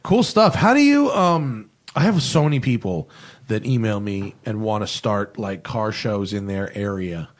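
Lively, excitable male host. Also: fairly low pitch, moderate pace. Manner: excitable, joking, exclaims often. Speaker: show host. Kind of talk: casual interview chat.

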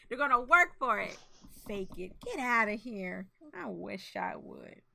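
A woman's voice: on the high side, big pitch swings, slow pace, gravelly, sharp tone. A woman co-hosting a casual chat, emphatic and laughing often. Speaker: podcast co-host.

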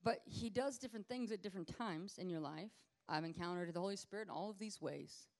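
Woman preaching in a lively conversational way. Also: lowish voice, brisk. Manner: lively conversational preaching, acts out quoted people. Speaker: church ministry leader. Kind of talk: informal teaching sermon.

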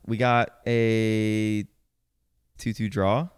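A young man co-hosting a casual sports podcast, telling stories in a relaxed, rambling way with lots of fillers. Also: lowish voice, brisk, clear, resonant tone, no room sound, clean studio sound. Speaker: podcast co-host.

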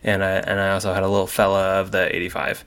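A man's voice: low-pitched, completely flat delivery, quick pace, fairly bright tone. A man co-hosting a podcast, joking and self-deprecating in casual banter. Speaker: podcast co-host.

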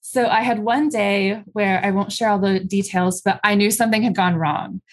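A young adult woman candidly telling her personal story as an interview guest, halting with many fillers. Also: medium pitch, fairly even intonation.

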